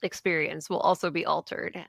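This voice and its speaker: Low, bright-toned woman telling her story. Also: flat delivery, normal speed, gravelly, no echo, studio quality. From Ohio, US. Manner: earnest, reflective, speaks in long unfolding sentences. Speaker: guest. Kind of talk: candid personal interview.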